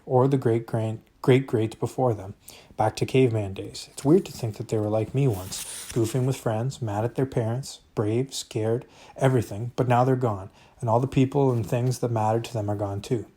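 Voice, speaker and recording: Man reading a novel aloud, expressive first-person narration, warm tone, slightly husky. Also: medium pitch. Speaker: reader.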